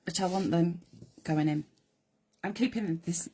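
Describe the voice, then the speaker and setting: A woman with a slightly low, croaky voice leads a live card-making demonstration. She chats along in rambling asides to her viewers as she works. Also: a little slow, pauses often, noisy background. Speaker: crafting host.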